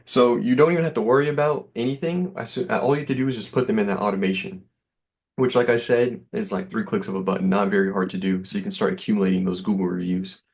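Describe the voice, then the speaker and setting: Man, lowish voice, laid-back sales pitch, lots of ums. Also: steady tone, fast. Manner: easygoing, reassuring, filler-heavy. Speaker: software sales rep. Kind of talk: sales demo call.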